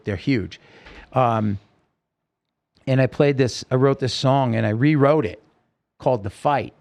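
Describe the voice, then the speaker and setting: Gravelly-voiced man telling his story. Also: medium pitch, a little mellow. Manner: halting, full of restarts and fillers; earnest and emotional. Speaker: podcast guest, singer-songwriter. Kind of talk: personal storytelling in conversation.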